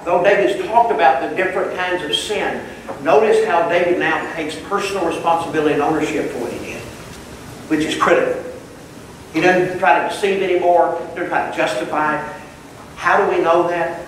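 A man's voice: a little high, fairly bright tone, a little hiss or hum. A man teaching a Bible class, reading verses aloud and explaining them phrase by phrase. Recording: distant mic in a very echoey room.

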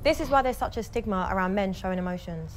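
A woman's voice: medium pitch, quick pace, a loud crowd. A young woman interviewing a guest in a casual chat, asking earnest, probing questions.

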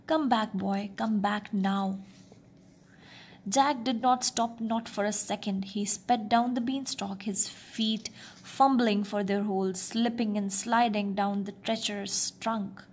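A woman reading a children's fairy tale aloud in a soft, expressive, often half-whispered way. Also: mid-range voice, a little slow. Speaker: storyteller. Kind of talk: storybook narration.

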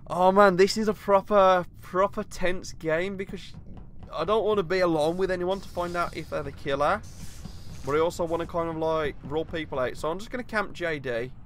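A man's voice: a little high, a bit bright, a little hiss or hum. A young man giving nervous, jumpy live commentary over a video game. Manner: jumpy and nervous, frequent panicked outbursts. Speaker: gaming YouTuber.

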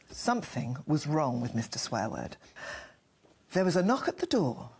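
A woman's voice: low-pitched, sing-song, moderate pace, darkish tone, a little hiss or hum. A woman reading a crude comic story aloud in a mock-innocent storybook manner.

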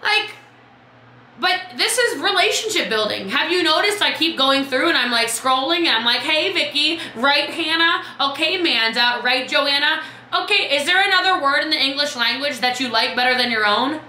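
A woman coaching her team on a live video, chatty and lively, calling out viewers by name. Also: high-pitched, normal speed, roomy sound, a little hiss or hum, low-quality recording. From Texas. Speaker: business coach.

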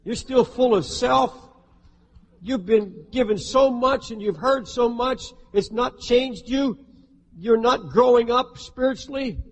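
A man's voice: extremely high pitch, slow, pitched above the performer's own voice, heavily acted. A man voicing an accusing, belittling male devil who rattles off relentless put-downs. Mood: taunting. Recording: reverberant hall with faint ambience.

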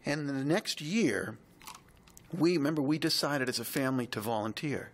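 A man co-hosting a podcast, telling a heartfelt personal story in a reflective, halting way. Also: medium pitch, lively intonation, slight background noise. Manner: reflective, halting, emotional retelling.

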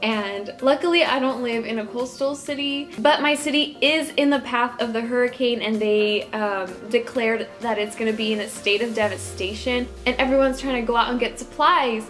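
Young female vlogger from Texas, casual and chatty, slightly high voice, light laughs. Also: normal speed, few pauses, a bit bright, faint music behind. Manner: chatty, friendly, laughs often. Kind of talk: casual product review vlog.

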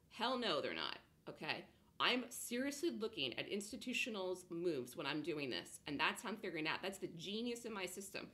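A woman coaching day traders over a chart walkthrough, blunt and emphatic, punctuating her points with "boom". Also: pushed and bright. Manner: emphatic, punchy with "boom" interjections; blunt, self-assured. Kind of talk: screen-share trading lesson.

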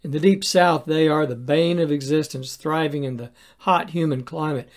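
Earnest pastor preaching measured devotional. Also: mid-range voice. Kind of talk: devotional sermon.

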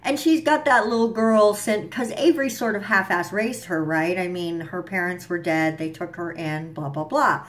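A woman's voice: on the low side, normal speed, few pauses. A young woman vlogging a casual, profane recap of a TV episode, with fillers and asides. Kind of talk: casual chat.

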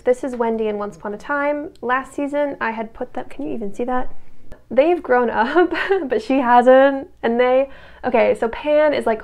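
A young woman recapping a TV show in a casual, chatty way, sliding into sarcastic asides to the viewer. Her voice sits fairly high and has a noticeable creak, and she sometimes drops to a soft half-whisper. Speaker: recap video host.

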